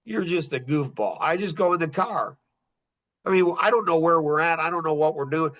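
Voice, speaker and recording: A man's voice: fairly high pitch, steady tone, brisk, a bit bright. A middle-aged man hosting a podcast in casual talk, blunt and rambling, often repeating himself. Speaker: podcast host.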